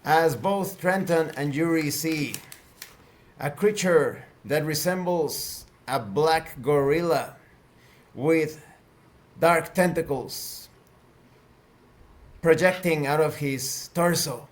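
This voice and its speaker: Guy running a tabletop game, takes his time, slightly high voice. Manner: slow, deliberate narration. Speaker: game master.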